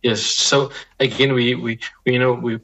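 A man appears as a guest Islamic scholar, offering reflective advice in a measured manner. He often repeats and restarts phrases and drops in religious expressions. His voice is medium-pitched and level, with a slightly bright tone.

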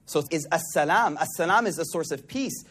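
A man preaching a sermon to a live audience, repeating phrases for emphasis and dropping from loud, emphatic lines to hushed, intimate ones. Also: on the high side, lively intonation, fairly quick, breathy edge.

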